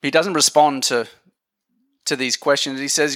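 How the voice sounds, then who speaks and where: Bright-voiced man preaching a sermon. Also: medium pitch, steady tone, moderate pace, long pauses, no echo, clean studio sound. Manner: conversational, jokey preaching with audience asides.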